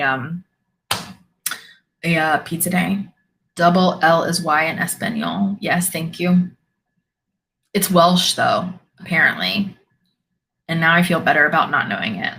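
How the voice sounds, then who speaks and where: A woman's voice: low-pitched, lively intonation, normal speed, vocal fry, long pauses, fairly bright tone, slight background noise, rough recording. A woman hosting a live stream, chatting casually as she answers viewers' questions and laughs often. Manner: chatty, laughs often, reacts to chat comments. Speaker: host of a spiritual live stream.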